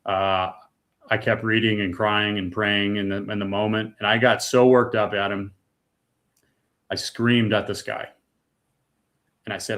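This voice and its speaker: A middle-aged man with a fairly low voice tells his own story as a podcast guest. He speaks earnestly and with deep feeling, dropping casual asides like "dude" and "man". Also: level tone, a little slow, long pauses, a bit bright. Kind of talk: personal testimony in a podcast interview.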